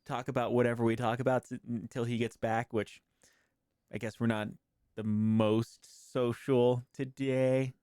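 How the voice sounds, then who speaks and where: A man's voice: mid-range voice, level tone, a little mellow, clear, resonant tone, no room sound, clean studio sound. A man co-hosting a live stream, chatting casually and reading out viewer comments. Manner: quick, reads chat comments aloud. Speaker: stream co-host. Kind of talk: casual chat.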